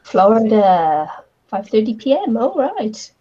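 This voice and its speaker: A woman with a New Zealand accent hosting a casual crafting livestream, losing her voice from hay fever and slowly explaining each step as she works. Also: mid-range voice, creaky, husky, dull audio. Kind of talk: casual chat while crafting.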